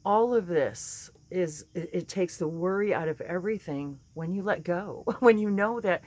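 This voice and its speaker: A woman with a slightly hoarse morning voice, giving a casual spiritual talk, chatty and laughing often, with many fillers and restarts. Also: sits low. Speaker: spiritual channeler and teacher.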